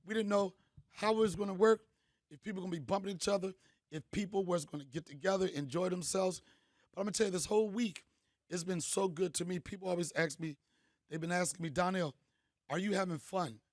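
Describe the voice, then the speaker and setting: A man's voice: high-pitched, a little fast, no room sound, clean studio sound. A middle-aged man hosting a crowd, telling loose, slangy, joking stories. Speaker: comedian host speaking to an event crowd. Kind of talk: storytelling speech to a live crowd.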